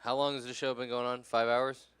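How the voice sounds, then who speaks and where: A man's voice: medium pitch, flat delivery, fairly quick, fairly bright tone, smooth, dry recording. A tired, tipsy man from California doing a rambling, crude, self-deprecating stand-up set. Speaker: stand-up comedian.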